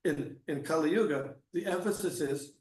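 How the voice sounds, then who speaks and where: Male scripture teacher, slightly high voice, halting and restarting, distant mic in an echoey hall. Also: darkish tone. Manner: halting, restarts often, grows emphatic. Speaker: class speaker. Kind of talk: scripture class talk with Q&A. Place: temple hall.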